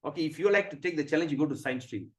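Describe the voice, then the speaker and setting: A man giving a religious class lecture. He asks rhetorical questions and pauses to search for words. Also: fairly high pitch, animated. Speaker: spiritual teacher.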